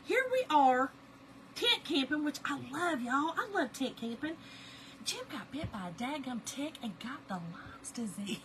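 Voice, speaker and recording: A woman's voice: high-pitched, sing-song, measured pace, slight background noise, low-quality recording. A middle-aged woman, chatting and laughing with viewers as she crafts on a livestream. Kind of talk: casual chat while crafting live.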